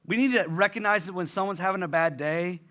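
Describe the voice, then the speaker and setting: A man's voice: high voice, fast, a bit bright. A male pastor, preaching a sermon in a conversational way, acting out inner voices and repeating lines for emphasis.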